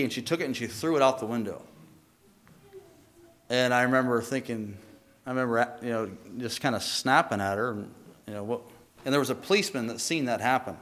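A man telling his personal faith testimony in an earnest, halting way, often restarting his sentences. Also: mid-range voice, a bit bright.

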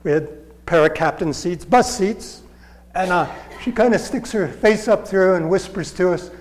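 High-voiced man telling a story in church. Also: in a large hall, low-quality recording. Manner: conversational, halting, with fillers and restarts. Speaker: preacher. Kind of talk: storytelling sermon.

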